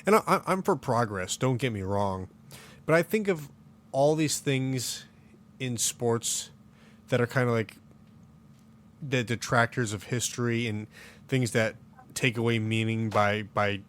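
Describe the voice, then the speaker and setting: A man's voice: mid-range voice, slow, long pauses, a bit bright, a little hiss or hum. A man hosting a casual sports podcast, opinionated and rambling, full of fillers and restarts. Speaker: podcast host. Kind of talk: casual chat.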